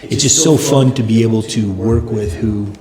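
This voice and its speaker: A man's voice: fairly low pitch, moderate pace, reverberant, a loud crowd. A man, a company founder, telling stories as a guest in a casual interview, his voice climbing as the stories build. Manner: animated storyteller, voice rises as stories build. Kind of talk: storytelling interview chat.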